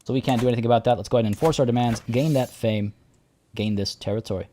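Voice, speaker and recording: A man's voice: medium pitch, very fast, dark tone, slight background noise. A man streaming a strategy game, talking casually to his chat as he plays. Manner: chatty, thinking aloud and answering chat. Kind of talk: casual live-stream commentary.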